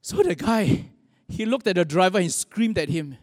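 Male pastor, high voice, sermon in a big reverberant hall, chatty, quizzes the crowd. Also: expressive, moderate pace, studio quality. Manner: conversational, asks the audience questions.

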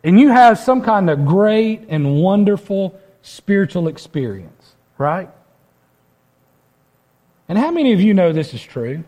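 High-voiced preacher. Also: male voice, very animated, measured pace, mellow. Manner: conversational preaching with frequent rhetorical questions. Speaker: pastor. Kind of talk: sermon.

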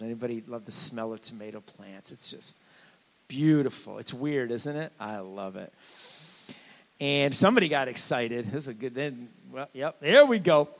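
A man giving a sermon as a guest preacher, conversational and joking, with sudden swings from quiet asides to loud declarations. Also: mid-range voice, creaky, low-quality recording. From Sicilian family.

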